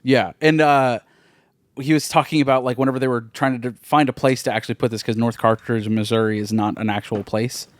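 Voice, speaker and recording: Man, podcast co-host, mid pitch, dry close mic, relaxed anecdotes. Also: brisk, no room sound. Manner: relaxed storytelling, acting out quotes. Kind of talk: casual film chat.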